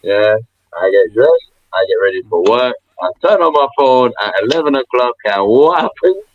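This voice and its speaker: A man co-hosting a casual sports podcast, telling stories in an animated way. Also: mid-range voice, normal speed, no echo, narrow, tinny audio. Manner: animated storytelling. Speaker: podcast co-host. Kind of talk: casual chat.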